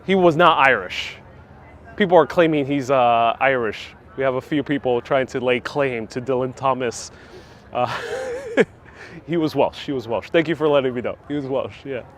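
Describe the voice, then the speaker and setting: A man's voice: mid-range voice, normal speed, slight background noise. A man hosting a casual live-stream walking tour outdoors on city streets, chatting away and reading out viewer comments with frequent laughs. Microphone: wireless clip-on mic with phone on gimbal.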